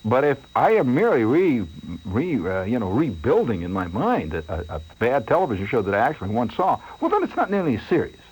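A male radio host spinning a rambling late-night monologue, his voice leaping around with lively, wide swings of pitch. He plays it theatrical and comic, dropping to a hush and then rising to near panic, while a faint hiss sits under the studio sound. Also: brisk, poor audio. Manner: theatrical, swings from hushed to excited; comic, self-mocking storytelling.

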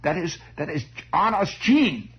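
A dignified elderly aunt with a German accent greets people formally, voiced by a man. The voice stays low-key and quiet, with a rough, husky grain. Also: sing-song, unhurried, exaggerated voice. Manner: formal, stately.

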